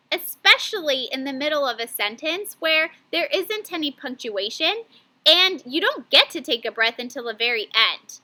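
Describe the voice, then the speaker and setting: A young woman teacher giving an online reading lesson to children, modeling phrasing clearly and deliberately. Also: sits high, sharp tone.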